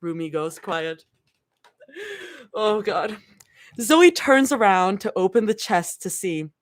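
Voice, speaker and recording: A woman's voice: medium pitch, lively intonation, slow. A woman reading fan fiction aloud live, breaking off to laugh and react.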